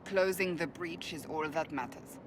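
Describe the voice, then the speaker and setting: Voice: mid-range voice, moderate pace, background noise, natural voice. An actress voicing a stern, blunt warrior woman in a video game, speaking firmly. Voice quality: blunt, firm.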